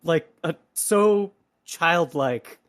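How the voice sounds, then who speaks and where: Dude at an rpg table, thinking out loud all philosophical, dry close mic. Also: male voice, a little high, expressive, very slow, no echo. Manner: musing, philosophical. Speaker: tabletop game player. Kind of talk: in-character roleplay and table chat.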